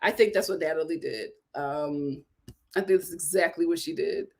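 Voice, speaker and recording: A young adult woman hosting a casual livestream, reading viewer comments aloud in a chatty, animated way and laughing often. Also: deep voice, normal speed. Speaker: YouTube show host reading super chats.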